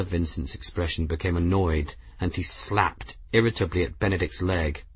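Low husky male audiobook narrator. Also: steady tone, normal speed, few pauses, dry recording, poor audio.

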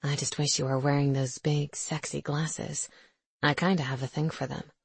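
Woman voicing a low flirty college jock. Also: normal speed, slightly rough, no room sound.

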